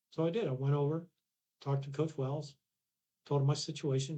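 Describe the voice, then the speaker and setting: A man's voice: a little high, fairly even intonation, moderate pace, long pauses, dark tone. A man, a podcast guest telling a long anecdote with restarts and acted-out dialogue. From Canada. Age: 60s. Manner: rambling anecdotes with restarts, acts out quoted dialogue. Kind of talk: casual storytelling.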